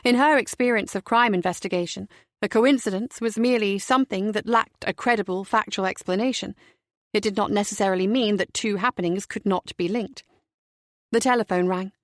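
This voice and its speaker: A woman narrating a detective novel in a measured, even storytelling voice, close and dry. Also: medium pitch, no echo. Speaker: audiobook narrator. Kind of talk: scripted narration.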